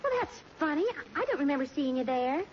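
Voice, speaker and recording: An actress playing a sweet but quick-tempered teenage girl with a flustered, gushing manner, in a 1940s radio sitcom. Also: sits high, very animated. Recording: dull hissy old radio recording.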